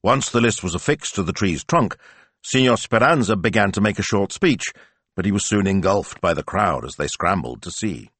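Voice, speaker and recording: Man, audiobook narration, deep voice, lively intonation, measured telling. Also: dry recording. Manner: measured storytelling. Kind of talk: scripted narration.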